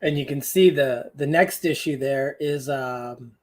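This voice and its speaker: Panelist man, mid pitch, halting delivery. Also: a little mellow. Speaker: comic book show panelist.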